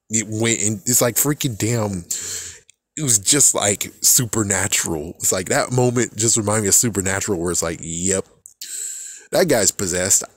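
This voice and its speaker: Excitable young man rambling casually. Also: lowish voice, no room sound, studio quality. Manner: excitable, swears freely, trails off and restarts. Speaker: fan vlogger.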